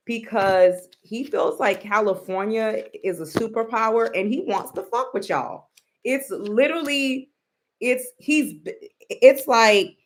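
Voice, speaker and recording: Slow, blunt woman commentator. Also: a little high, a bit bright. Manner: blunt, profane, rambling. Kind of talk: casual commentary.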